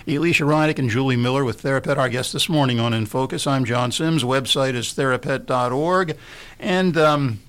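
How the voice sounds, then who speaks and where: A man hosting a morning radio interview with a voice of middling pitch. He talks haltingly and fills his questions with many "uh"s and "um"s. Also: a bit bright. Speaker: radio show host.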